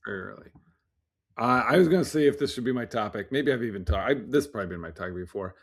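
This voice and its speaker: A man co-hosting a podcast, telling stories in an animated, easily amused casual chat. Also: medium pitch, rapid-fire. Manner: animated storyteller, laughs easily. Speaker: podcast co-host.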